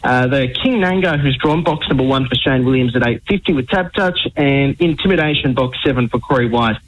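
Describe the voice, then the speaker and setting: A man's voice: medium pitch, brisk, poor audio. A man with an Australian accent giving greyhound racing tips on radio, upbeat and rattling off runners and prices.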